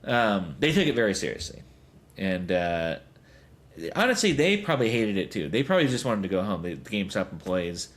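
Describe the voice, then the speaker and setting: Low-voiced man rambling through podcast stories. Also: big pitch swings, fairly quick. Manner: rambling storytelling with many fillers and chuckles. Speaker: podcast host. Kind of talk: casual podcast chat.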